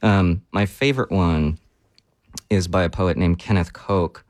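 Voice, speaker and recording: A man talking casually about poetry and reading poems aloud with animated feeling. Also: sits low, unhurried, dry recording, studio quality. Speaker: poet and guest. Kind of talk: casual chat with poem readings.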